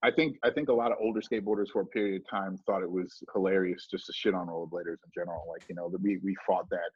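A middle-aged man tells a story casually, swearing freely and jumping into raised voices when he acts out what others said. His voice is husky and sits close and dry. The recording has a dull, lo-fi sound. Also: low-pitched, fairly even intonation, very fast, no room sound. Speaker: guest telling a story. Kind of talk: casual storytelling with acted quotes.

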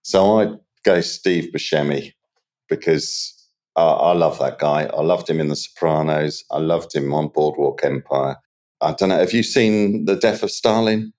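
A British man chatting as a podcast guest, telling stories in a relaxed, slangy way. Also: extremely low pitch, measured pace. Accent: British English. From England. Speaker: guest, water treatment expert. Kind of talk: casual interview chat.

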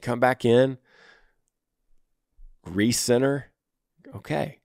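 A man's voice: medium pitch, drawn-out words, a little mellow, no room sound. A middle-aged man hosting an advice podcast, talking earnestly and encouragingly in a folksy, casual way, close to the microphone. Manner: earnest, encouraging, folksy, calls listener brother. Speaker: podcast host. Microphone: close studio microphone.

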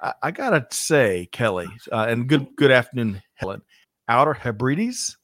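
Man, livestream co-host, upbeat, jokey, dry close sound, mid pitch. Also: normal speed, no echo. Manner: energetic, reads out viewer names, jokey. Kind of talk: upbeat live show banter.

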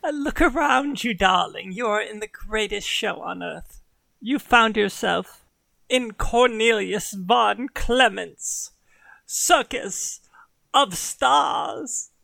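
Game master voicing a flamboyant male ringmaster, fawning, theatrical, gravelly, slow, dry close sound. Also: mid-range voice, bright, forceful tone, no room sound, full character voice. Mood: grandiose. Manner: theatrical, gushing, calls others darling. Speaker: villainous showman who keeps performers as exhibits.

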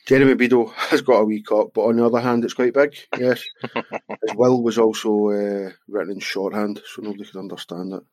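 A man's voice: on the low side, fairly even intonation, a little fast, a little mellow, dry recording. A Scottish man co-hosting a podcast, casually reading out jokes and chuckling often. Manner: jokey, reads listener jokes, chuckles often. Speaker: podcast co-host. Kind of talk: casual chat.

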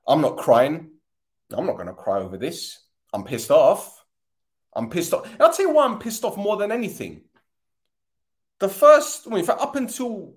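A man hosting a football fan podcast, ranting angrily, swearing often and repeating himself. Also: high voice.

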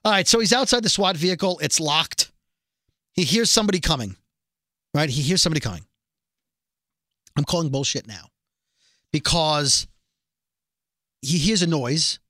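A man's voice: fairly high pitch, moderate pace, pauses often, dry recording, clean studio sound. A man co-hosting a podcast, chatting casually and rambling as he recaps a TV episode. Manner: rambling, animated, self-deprecating nerd talk. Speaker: podcast co-host.

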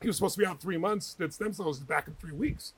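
A husky-voiced man speaks as an interview guest, racing through his stories with energy and emphasis. His pitch sits a touch above the usual for a man, and he rarely pauses. He tells each story with conviction. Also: poor audio. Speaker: guest author.

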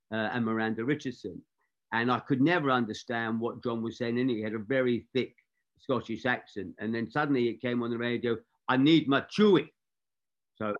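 A man's voice: mid-range voice, dull audio. An older man who works as a film assistant director, telling long anecdotes about his career in an interview with many restarts and asides. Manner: rambling anecdotal, frequent restarts.

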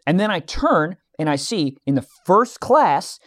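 A young man co-hosting a podcast, telling a story in casual chat, animated, acting out both sides of an argument and swearing freely. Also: high-pitched, unhurried. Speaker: podcast co-host.

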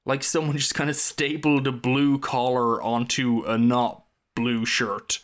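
A man with an average-pitched voice gives wry, hesitant movie commentary, leaning heavily on fillers. He sounds relaxed and casual. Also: unhurried. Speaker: podcast co-host. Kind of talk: casual movie review chat.

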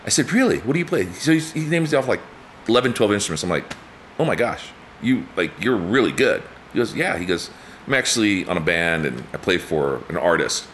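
Speaking briskly, a man in his fifties appears as a guest in a casual chat, full of lively stories, dramatic pitch jumps when he quotes people, and frequent laughter. Slight background noise is present.

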